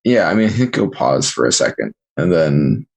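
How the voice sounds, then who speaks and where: Male player, very deep and gravelly, husky, lively pitch; relaxed and hesitant. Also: moderate pace. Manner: laid-back, hesitant. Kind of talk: casual tabletop role-play.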